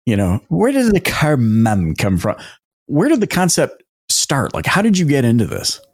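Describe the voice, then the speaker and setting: A man's voice: fairly high pitch, huge pitch swings, moderate pace, husky. A man from Canada with a Canadian accent, hosting a podcast interview, enthusiastic and restarting his questions. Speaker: podcast host. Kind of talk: casual interview.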